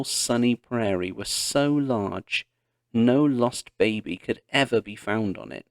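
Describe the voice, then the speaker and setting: A man narrating a children's historical story in a deliberate read-along style. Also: medium pitch, expressive, gravelly, no room sound, clean studio sound. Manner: slow, deliberate reading.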